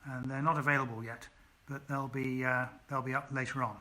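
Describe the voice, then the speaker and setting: A male author's medium-pitched voice comes across flat and sharp, moving a little fast. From home in lockdown, he reads his story aloud and chats with livestream viewers, saying um often and thanking each by name.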